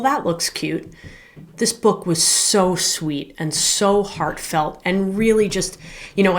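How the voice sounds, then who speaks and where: A woman with a low voice talks through her favorite books in a casual, enthusiastic way. She sounds conversational, with a few restarts and fillers as she goes. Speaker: book reviewer. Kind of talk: casual video review.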